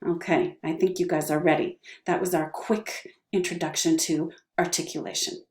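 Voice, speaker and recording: A woman's voice: lowish voice, steady tone, normal speed, darkish tone. Upbeat woman teacher, echoey room. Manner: upbeat, encouraging, checks in with students often. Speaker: drama teacher. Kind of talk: online class lesson with vocal warm-ups.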